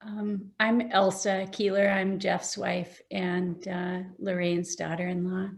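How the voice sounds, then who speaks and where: A woman's voice: medium pitch, little pitch movement, slow pace, gravelly. A woman speaking hesitantly, with many fillers, at a memorial on a video call. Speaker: family member at a memorial. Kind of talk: memorial remarks.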